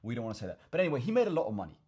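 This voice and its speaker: Huge pitch swings mark this young English fitness coach's medium voice, which is a little mellow with a breathy edge and very fast. In a relaxed to-camera Q and A for his vlog, he rambles on with repeated words and keeps calling viewers "chaps."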